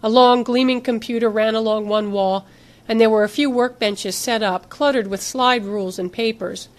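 A woman narrating a novel in an even, steady scripted reading. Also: a little high, moderate pace. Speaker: audiobook narrator.

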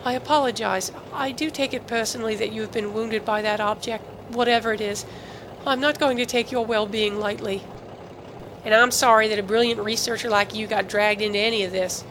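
A woman reading the part of a protective male military officer in an audiobook, speaking in a measured, diplomatic yet firm way. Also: fairly high pitch, fairly even intonation, noisy background, natural voice.

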